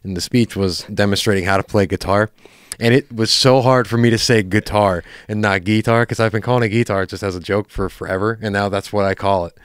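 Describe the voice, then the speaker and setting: A man's voice: lowish voice, fairly even intonation, brisk, clean tone, no echo, studio quality. A young man co-hosting a podcast, telling stories in casual chat and laughing often. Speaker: podcast co-host.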